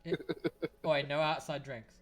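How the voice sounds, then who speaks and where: A man's voice: fairly high pitch, fairly even intonation, normal speed. A man running a tabletop game as game master, narrating casually with fillers and laughter.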